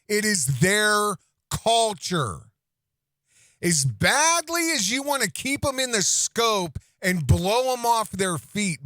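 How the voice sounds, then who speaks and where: A male podcast host comments on a clip with slow, drawn-out exasperation. His pitch swings widely, and the recording is dry and close. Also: a bit bright, no echo.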